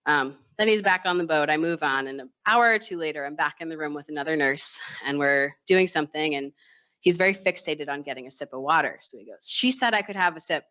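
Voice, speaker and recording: A nurse tells a personal story to a live audience with a bright, crisp voice. The delivery is casual and conversational, with wry self-deprecating humor. Now and then the speaker slips into the voices of coworkers and patients. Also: mid-range voice, brisk. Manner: acts out quoted voices of others. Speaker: ICU nurse. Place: live storytelling stage event.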